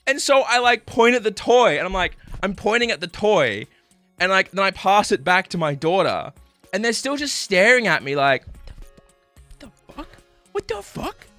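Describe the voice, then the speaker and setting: A man's voice: high-pitched, very animated, moderate pace, sharp tone, no room sound, faint music behind. A young man telling stories on a live stream, swearing and laughing as he chats with viewers. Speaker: livestreamer. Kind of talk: casual live-stream storytelling.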